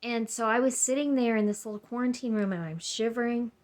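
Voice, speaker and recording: A woman's voice: on the high side, brisk. Chatty woman telling a story to camera. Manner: chatty, rambling, acts out quoted people. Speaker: vlogger.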